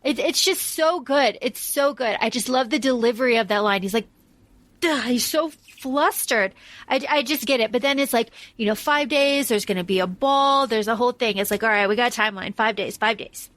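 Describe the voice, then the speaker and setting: Podcast co-host, woman, somewhat high voice, dry close sound, gushing. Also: fairly quick, fairly bright tone, no echo. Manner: enthusiastic, gushing. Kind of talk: casual chat.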